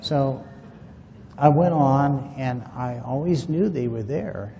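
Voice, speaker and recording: A man's voice: medium pitch, slow, creaky, warm tone, big-room sound, muffled recording, slight background noise. A man casually telling a rambling, folksy story about a past experience to a group of listeners. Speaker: UFO witness telling his story.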